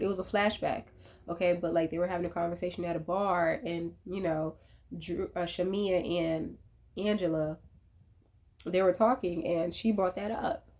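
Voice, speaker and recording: A woman casually recapping a reality TV episode, animated and profane, with laughing asides. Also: lowish voice. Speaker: reality TV commentator.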